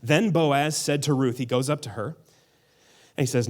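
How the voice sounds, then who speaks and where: A man's voice: mid-range voice, moderate pace. A man preaching a sermon as a pastor, in a casual, conversational way with frequent asides.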